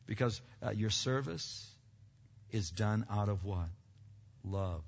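A man's voice: lowish voice, slow, vocal fry, breathy edge. Man preaching in a reverberant hall. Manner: swings from loud emphatic preaching to quiet earnest asides; asks the congregation questions and answers them. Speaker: pastor. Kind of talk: sermon. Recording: dull lo-fi recording with long hall reverb.

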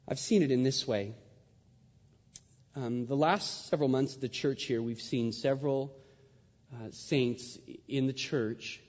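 A man preaching a sermon in a church, swinging from hushed, drawn-out words to loud, rising passages. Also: mid-range voice. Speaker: pastor. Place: church sanctuary. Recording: dull sound with long hall reverb.

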